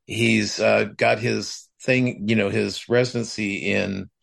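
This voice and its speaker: Gravelly, hesitant male co-host. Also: lowish voice, steady tone, takes it slowly, fairly bright tone. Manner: rambling, hesitant with many fillers. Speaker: podcast co-host. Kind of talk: casual chat.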